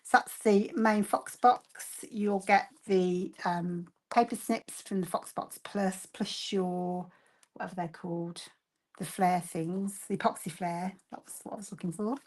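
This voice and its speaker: A woman's voice: medium pitch, fairly even intonation, unhurried, a little mellow. A woman with a Birmingham accent chatting casually as co-host of a craft show, rambling with fillers while she demonstrates.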